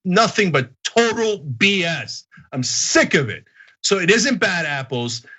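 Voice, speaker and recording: Fired-up guy ranting at his viewers, high bright voice that swings all over. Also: unhurried. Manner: animated, indignant, talks to viewers directly. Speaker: political commentary host. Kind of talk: heated opinion commentary.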